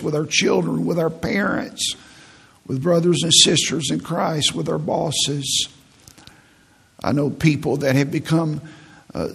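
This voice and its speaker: A man preaching a sermon in a folksy, animated way, often repeating words as he goes. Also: on the high side, vocal fry, breathy edge. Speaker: pastor.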